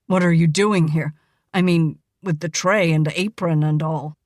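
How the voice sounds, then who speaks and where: A woman doing a gruff wounded army doctor. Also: low voice, little pitch movement, unhurried, no room sound, studio quality. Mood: startled. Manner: gruff, curt.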